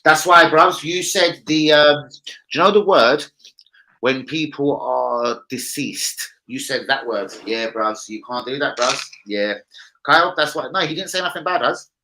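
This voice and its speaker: Bright-voiced man hosting a football stream. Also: a little high, a little slow, a little hiss or hum, rough recording. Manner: chatty, slangy, addresses co-host repeatedly. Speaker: livestream football show host. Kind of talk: casual live-stream chat.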